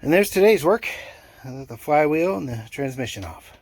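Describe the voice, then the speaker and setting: A man's voice: on the high side, expressive, normal speed, darkish tone, breathy edge. An older man narrating his own work on a boat engine, dry and self-deprecating, with lots of fillers. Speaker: boat owner doing a motor refit. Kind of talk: casual narration while working. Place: inside a sailboat cabin.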